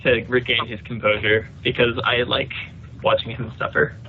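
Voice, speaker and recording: A man's voice: medium pitch, level tone, moderate pace, gravelly. Man playing a tabletop game over a tinny line. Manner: casual, thinking aloud. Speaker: player. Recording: tinny voice-chat line with faint hum.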